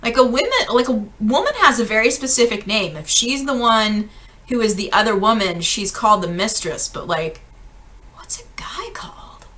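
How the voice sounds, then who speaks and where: A young adult woman leading a casual book-club lesson, chatty and animated, acting out quotes. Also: mid-range voice, moderate pace.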